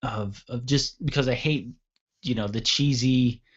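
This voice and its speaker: A man's voice: medium pitch, measured pace, lo-fi sound. A man hosting a radio talk show, telling a long anecdote in a blunt, rambling, casually profane way. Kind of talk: casual storytelling chat.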